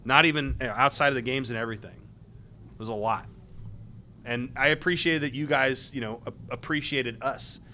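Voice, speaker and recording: A man speaking on a convention panel, telling loose, rambling stories about his time as a game tester, with frequent restarts and quick laughs. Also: mid-range voice, pushed and bright, a little hiss or hum.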